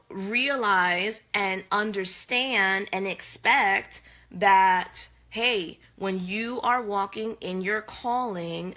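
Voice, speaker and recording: A woman speaks slowly and earnestly, as if talking straight to her viewers. Her voice is bright and forward. She is casual and chatty, with plenty of fillers and restarts, and she repeats her main points to drive them home. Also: a little high. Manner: earnest, repeats phrases for emphasis; conversational with many fillers and restarts. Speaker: faith-based motivational speaker. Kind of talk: casual encouraging talk to viewers.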